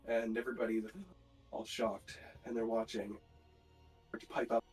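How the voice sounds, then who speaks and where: A man's voice: mid-range voice, flat delivery, a little mellow, faint music behind, low-quality recording. Man narrating as game master. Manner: halting, filler-heavy narration.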